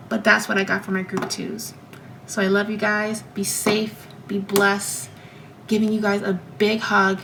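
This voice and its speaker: A woman reading tarot cards for her viewers, talking to them directly with a lot of feeling. Her pitch sits in the middle range for a woman. A faint hiss runs under the recording. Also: little pitch movement, a little slow, vocal fry. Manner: emotive, direct address to viewers. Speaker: tarot reader. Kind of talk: pick-a-card tarot reading.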